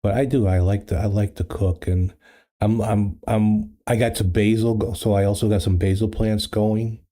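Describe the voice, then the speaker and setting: A man's voice: lowish voice, fairly even intonation, moderate pace, mellow. A man hosting a casual livestream chat, rambling with many fillers and restarts into a studio microphone. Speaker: livestream host.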